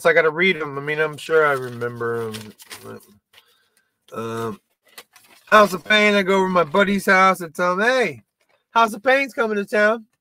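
A man's voice: on the high side, bright, forceful tone. A man doing a casual stand-up monologue to camera, rambling and self-deprecating, swearing and stumbling over restarts. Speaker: comedian and video creator.

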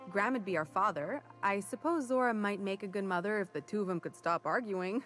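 A woman's voice: medium pitch, a little fast, fairly bright tone, soft background music, lightly acted. A woman voicing a folksy, chatty commune greeter. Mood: friendly. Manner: chatty, folksy, eager to please. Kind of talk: video game dialogue.

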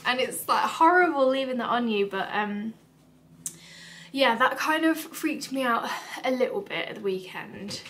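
A woman's voice: fairly high pitch, animated, measured pace, fairly bright tone, slight background noise. A young British woman vlogging in a rambling, casual, confessional way, tearful and emotional. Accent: British English. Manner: chatty, rambling with fillers and asides.

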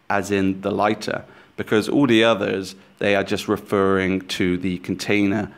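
A man with a somewhat low voice leads a language lesson in a calm, scripted manner. He explains each point slowly and clearly, carefully pronouncing the foreign phrases he's teaching.

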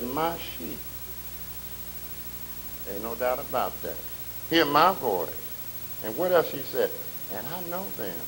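A male pastor preaching a sermon, drawing out scripture readings slowly and swelling loud, with colloquial asides and questions to the congregation. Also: fairly high pitch, low-quality recording. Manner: colloquial, calls and responses to the congregation. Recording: faint tape hiss.

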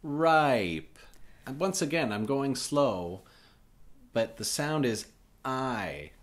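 Slow, lively man demonstrating vowels. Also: mid-range voice. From Canada. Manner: says words slowly and drawn out, stretches vowels. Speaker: native-speaker pronunciation partner. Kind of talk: demonstrating English sounds.

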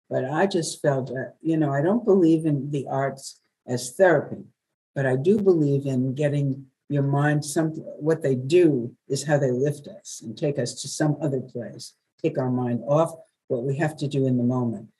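An older woman from New York, a veteran radio journalist, telling stories in a chatty, lively way as an interview guest. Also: extremely low pitch, a little slow, slightly rough, low-quality recording. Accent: New York, softened. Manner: warm, chatty storyteller with laughs. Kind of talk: webinar interview.

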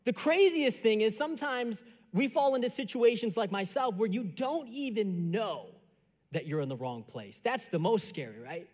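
A male pastor preaching a sermon, telling a story in a lively conversational way that builds to a lesson. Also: high voice, normal speed, in a large hall. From Chicago area. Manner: animated, conversational storytelling with repeated phrases. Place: church sanctuary.

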